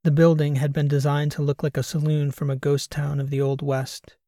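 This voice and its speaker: A man narrating a science fiction audiobook in a steady, even storytelling manner. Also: on the high side, brisk, no room sound, studio quality. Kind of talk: scripted narration.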